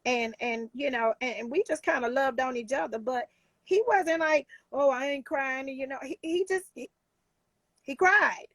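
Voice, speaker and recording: A woman's voice: high-pitched, normal speed, fairly bright tone, no room sound. A woman life coach talking in a casual talk show, emphatic and heartfelt, with many restarts.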